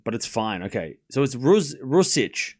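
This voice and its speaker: An Australian livestream host with a mid-range, expressive, fairly bright voice runs a live tennis watchalong at normal speed. He chats casually and playfully, repeating words and replying to his chat.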